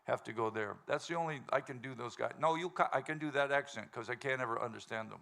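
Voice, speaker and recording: He talks fast, with a medium pitch, vocal fry, and a bright, forceful tone. As host and band singer at a live music show, he trades loose jokes with a laughing audience from the stage, rambling and laughing often.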